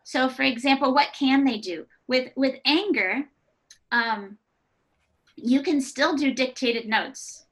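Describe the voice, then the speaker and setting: A woman giving an online workshop to early childhood educators, chatting in a warm, conversational way with frequent restarts and light laughs over a video call microphone. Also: sits high, slow pace. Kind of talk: live online presentation.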